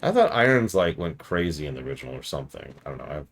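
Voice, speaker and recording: A man's voice: a bass voice, big pitch swings, very fast, slight background noise. A man casually commenting on a game during a live stream, with sarcastic joking asides.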